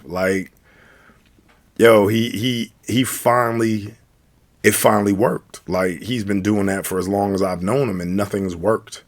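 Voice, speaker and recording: A young man with a fairly low voice tells a night-out story in a relaxed, casual way. He is animated and keeps acting out the other people's lines with quick shifts in voice.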